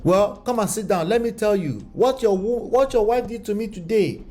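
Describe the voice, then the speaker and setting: A man voicing an indignant older mother who complains about her son's wife in a shrill, scandalized tone. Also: normal speed, warm tone, faint music behind, natural voice.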